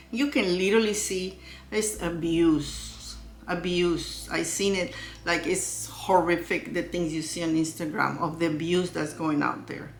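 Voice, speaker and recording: A woman's voice: on the low side, gravelly, fairly bright tone. A woman giving an informal spoken lesson on relationships in a candid, conversational way, often asking rhetorical questions. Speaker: relationship educator. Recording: echoey room with faint music.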